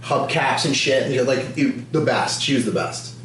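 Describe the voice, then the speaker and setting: A man co-hosting a comedy podcast, chatting casually with quick, profane asides. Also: mid-range voice, a bit bright. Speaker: podcast co-host. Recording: echoey distant camera audio with hum.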